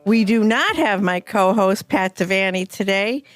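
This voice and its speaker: A woman's voice: medium pitch, lively intonation, moderate pace, faint music behind. A woman hosting a radio talk show, chatty and upbeat as she introduces guests. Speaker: radio show host and real estate broker.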